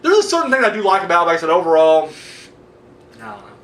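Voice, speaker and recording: Animated, profane man reviewing movies. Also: high voice, quick pace, reverberant, distant mic. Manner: profane, exasperated, swings between loud outbursts and mumbling.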